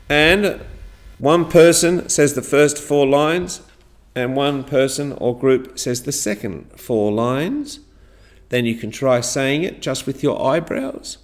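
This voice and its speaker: A man teaching a class, modelling phrases clearly for learners to repeat in a lesson on intonation. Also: mid-range voice. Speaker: English teacher.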